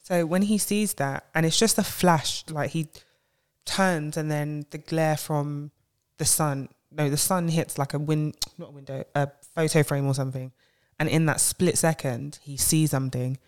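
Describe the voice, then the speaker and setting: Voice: mid-range voice, steady tone, moderate pace, a little mellow, clean tone. A podcast co-host with a mid-range voice, talking casually. They recommend a film with eager enthusiasm, chipping in details to help the others. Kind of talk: casual chat, movie recommendation.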